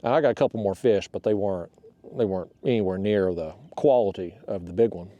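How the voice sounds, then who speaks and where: Man, mellow voice, folksy kayak-fishing chatter, talks to the fish, outdoors on the water. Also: lowish voice, fast talker, dry recording, muffled recording. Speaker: kayak fishing channel host. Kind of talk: casual on-the-water vlog talk. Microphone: camera mounted on the kayak.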